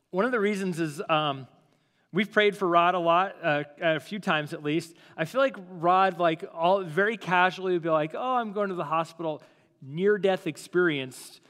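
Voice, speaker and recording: A man's voice: a little high, a bit bright, in a large hall. A man preaching a sermon as lead pastor, in a casual, conversational way with plenty of fillers.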